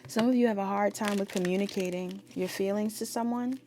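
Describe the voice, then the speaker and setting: A woman's voice: mid-range voice, fairly even intonation, a little fast, mellow, a little hiss or hum. A woman giving a casual tarot reading, chatting straight to her viewers. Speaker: tarot reader.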